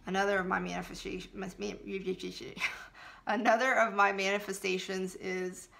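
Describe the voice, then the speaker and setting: A woman's voice: medium pitch, level tone, unhurried, creaky, fairly bright tone. A woman speaking as a spiritual coach in an earnest, emphatic motivational talk, laughing now and then.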